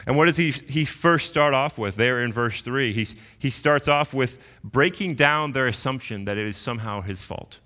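A man's voice: mid-range voice, moderate pace, hardly any pauses, pushed and bright. A man preaching an expository sermon in an earnest teaching tone, often repeating words as he thinks.

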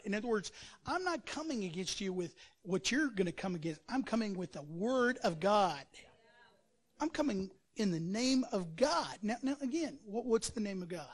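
A man's voice: high-pitched, very animated, moderate pace, husky. A male pastor preaching a sermon, telling the story with energy and acting out quotes and sound effects.

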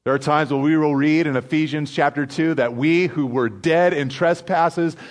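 A man preaching a sermon in an earnest, conversational way, slowing down and dropping to a near hush on his key lines. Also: on the high side, steady tone. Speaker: pastor.

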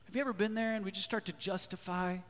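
A man preaching a sermon as a pastor in a church, lively, often putting questions to the congregation. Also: high voice, fast. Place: church sanctuary. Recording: long hall reverb.

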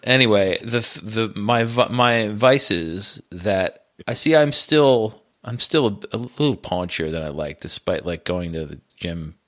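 Middle-aged guy on a podcast, lively up and down voice, jokey and self-mocking, laughs a lot. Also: lowish voice, unhurried, hardly any pauses. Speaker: podcast co-host. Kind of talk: casual chat.

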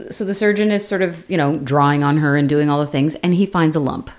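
A woman co-hosting a podcast, chatting casually and retelling scenes with lively acted-out quotes and some swearing. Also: sits low, a little fast. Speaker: podcast co-host. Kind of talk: casual chat recapping a TV show.

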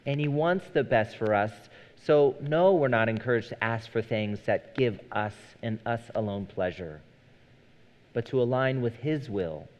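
A man's voice: fairly low pitch, darkish tone. A man in his thirties, a pastor preaching a sermon in a conversational, storytelling way. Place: church sanctuary. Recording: dull sound with long hall reverb.

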